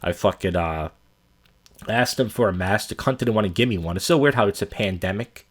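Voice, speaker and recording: A man's voice: on the low side, expressive, brisk. A man hosting a podcast and ranting casually and profanely. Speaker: podcast host.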